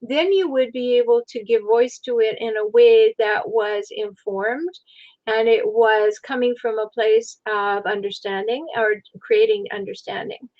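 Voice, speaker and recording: A woman's voice: on the high side, steady tone, measured pace, dull audio. A woman hosting a discussion in a chatty, wry manner, often laughing. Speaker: host. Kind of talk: casual discussion.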